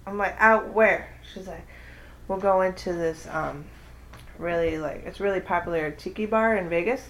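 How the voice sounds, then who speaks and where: Animated woman telling a funny story. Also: moderate pace, slight background noise. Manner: acts out quotes with big pitch jumps. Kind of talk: casual chat, animated storytelling.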